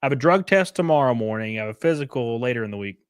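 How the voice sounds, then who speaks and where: A man's voice: mid-range voice, lively intonation, rapid-fire, smooth, no echo, studio quality. A man hosting a casual livestream, reading chat and news aloud with sarcastic, swearing reactions, sounding worn out and short of breath. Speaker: streamer host.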